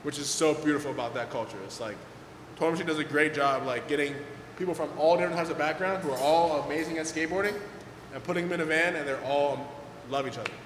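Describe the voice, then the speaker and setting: A young man, telling stories at a skate event Q&A in a casual, animated way, full of fillers and acted-out quotes. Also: on the high side, fast talker, slight background noise. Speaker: guest pro skateboarder. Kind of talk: casual storytelling at a Q&A. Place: event hall with audience. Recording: echoey hall, faint ambience.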